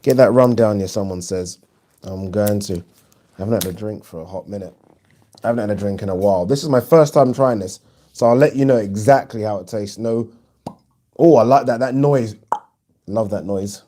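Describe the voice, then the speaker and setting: A man hosting a casual live stream, chatting and reading viewer comments aloud in an animated way. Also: on the low side, normal speed. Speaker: boxing channel host.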